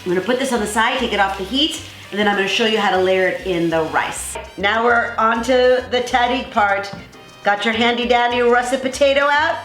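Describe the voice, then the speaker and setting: An enthusiastic woman chef walks through a recipe in a kitchen, gushing over every step. Her voice carries an echoey ring from the room. Music plays clearly behind her. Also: fairly high pitch, fairly quick, fairly bright tone. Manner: effusive, enthusiastic, chatty. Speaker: cooking show host. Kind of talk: cooking demonstration.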